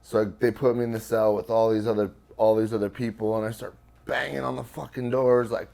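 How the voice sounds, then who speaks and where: A man's voice: lowish voice, level tone, a little fast, creaky, darkish tone. A man being interviewed, telling a personal story in casual, profane talk with lots of fillers. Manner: loose and profane, many fillers. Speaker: interview guest.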